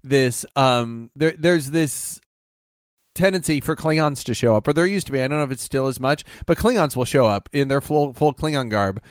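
A man's voice: medium pitch, moderate pace, dry recording, studio quality. A middle-aged man in casual chat who tells a story with many restarts and fillers. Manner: animated, full of restarts and fillers.

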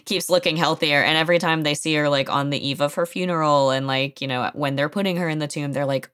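Low-voiced woman, chatty co-host. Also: a little fast, clear, resonant tone, dry recording, studio quality. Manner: animated retelling, acts out quoted lines. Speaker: podcast co-host. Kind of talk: casual book discussion chat.

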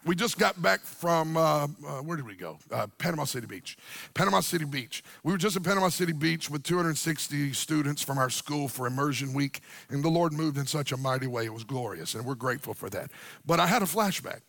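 A middle-aged man, preaching a sermon to a church congregation, animated, swinging from quiet storytelling up to near-shouted, sung-out lines. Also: a little high, a little fast, creaky, no room sound. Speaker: pastor.

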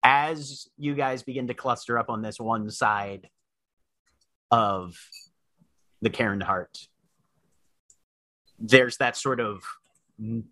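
A man running a tabletop game as storyteller, narrating scenes in a measured, descriptive way. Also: mid-range voice, fairly even intonation, sharp tone, dry recording.

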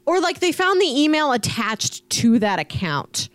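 A woman's voice: high-pitched, very animated, unhurried, dry recording. A young woman co-hosting a podcast, chatting enthusiastically with lots of "like" fillers. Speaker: podcast co-host. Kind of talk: casual podcast chat.

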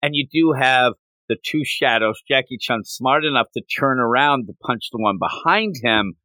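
A man co-hosting a casual podcast chat, animated and quick to act out lines from the story. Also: mid-range voice, no echo. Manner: animated, acts out quoted characters in passing. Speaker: podcast co-host.

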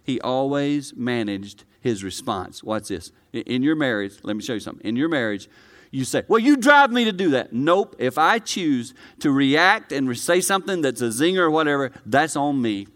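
A male pastor preaching a conversational sermon to a live congregation, swinging from quiet, low delivery to loud, high-pitched excitement. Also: moderate pace. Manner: conversational, personal preaching with direct address.

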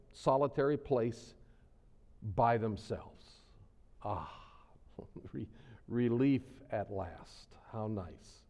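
A man preaching a sermon in a folksy, conversational way, repeating phrases for emphasis and dropping softly at the ends of points. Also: medium pitch. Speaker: pastor. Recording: long reverb of a church hall.

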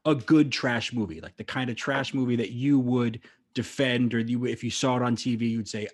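A man hosting a podcast, asking friendly, measured questions in casual chat. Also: medium pitch, fairly even intonation, breathy edge. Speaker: podcast host.

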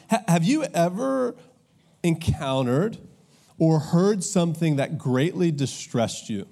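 A pastor with a warm, fairly high voice delivers his sermon through conversational stories, tossing casual asides to the congregation.

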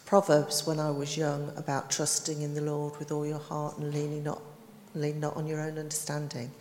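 Very low, flat-voiced woman, echoey hall. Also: moderate pace. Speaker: group member. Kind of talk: sharing in a church group. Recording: echoey hall with faint background noise.

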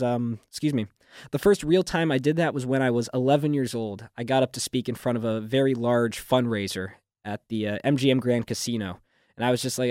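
A man's voice: medium pitch, darkish tone, no echo, studio quality. A young man, a graduating student, talking fluently in a radio interview with a newsreader-like delivery. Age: young adult. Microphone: studio microphone.

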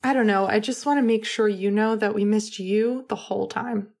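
A woman voicing a gentle, caring young man who speaks softly and affectionately, in a storybook reading. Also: mid-range voice, fairly even intonation, normal speed, natural voice. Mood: earnest.

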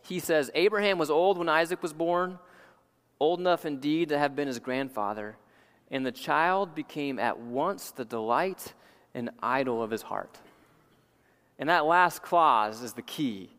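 A man's voice: a little high, unhurried, a bit bright, clean tone. A male pastor preaching a sermon in a church, earnest and emphatic, repeating key phrases for weight. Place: church sanctuary. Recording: long church hall reverb.

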